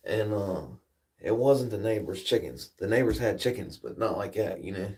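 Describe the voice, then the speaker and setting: A man's voice: on the low side, lively intonation, moderate pace, darkish tone, far from the mic. A laid-back man rambling on a livestream. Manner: laid-back rambling storyteller, swears freely. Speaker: livestream host. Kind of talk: casual livestream chat.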